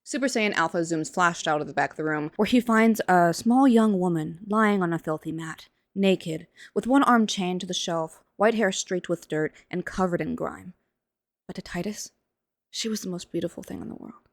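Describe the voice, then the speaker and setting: A young woman host giving sarcastic, comedic commentary with deadpan asides. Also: lowish voice, moderate pace, no echo, clean studio sound.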